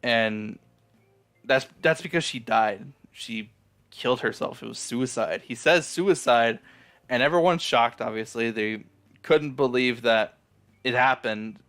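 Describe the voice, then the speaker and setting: Guy doing a loose anime episode recap, smooth clear voice, swears a lot, keeps restarting. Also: mid-range voice, unhurried, a bit bright. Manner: rambling and profane, with frequent fillers and restarts. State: feeling down and apologetic. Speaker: anime reviewer. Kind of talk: casual spoken episode recap.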